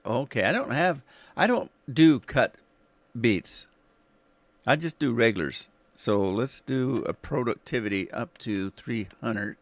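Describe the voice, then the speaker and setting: A man's voice: mid-range voice, expressive, measured pace, no echo. A man casually commenting on his farming game livestream, chatting with his viewers, joking at himself and humming as he plays. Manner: chatty, self-mocking, talks to chat, hums while playing. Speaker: livestream gamer.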